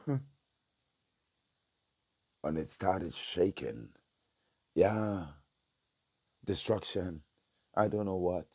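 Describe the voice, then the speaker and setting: A man calling himself a prophet, praying and preaching intensely, repeating himself and swinging from hushed prayer to loud denunciation. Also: very slow, pauses often, no echo. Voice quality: very deep, gravelly and husky. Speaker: self-styled prophet.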